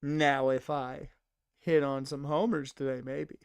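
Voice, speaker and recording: A man's voice: mid-range voice, flat delivery, measured pace, smooth, no room sound, clean studio sound. A young man rambling casually to his chat while streaming a game. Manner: rambling, chatty, talks to chat.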